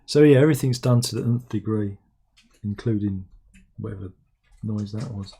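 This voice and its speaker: A man's voice: on the low side, normal speed, gravelly, dark tone, a little hiss or hum. A man hosting a casual livestream, reading out viewer comments with wry, rambling asides. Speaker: livestream host.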